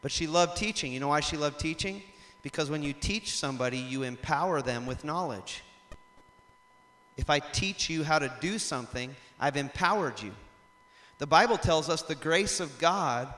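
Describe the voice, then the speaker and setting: A man preaching a sermon in a lively storytelling way, rising to loud emphatic passages. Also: a little high. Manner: animated storytelling, acts out shouts and laughs. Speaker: pastor. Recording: long hall reverb.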